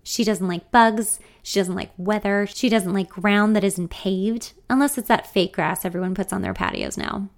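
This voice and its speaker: A woman's voice: mid-range voice, moderate pace, few pauses. Wry woman narrating her own story. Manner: conversational, wry, candid. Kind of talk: first-person story narration.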